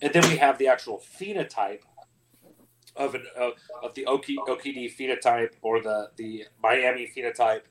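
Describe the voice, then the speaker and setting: A man's voice: medium pitch, moderate pace, low-quality recording. A man hosting a casual podcast round table, rambling and self-deprecating. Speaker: podcast host.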